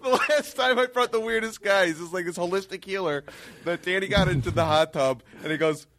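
A man's voice: sits high, fairly quick, background noise. A man guesting on a comedy podcast, rambling through funny anecdotes and laughing at them himself. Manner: rambling anecdotes, laughs at his own stories. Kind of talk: casual comedic storytelling.

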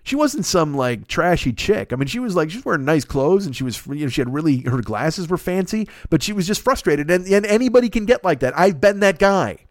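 A man hosting a podcast, telling a long comic anecdote in a casual, profane, animated way into a close mic. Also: fairly high pitch, fairly quick, hardly any pauses, no echo. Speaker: podcast host. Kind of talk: casual comedic storytelling.

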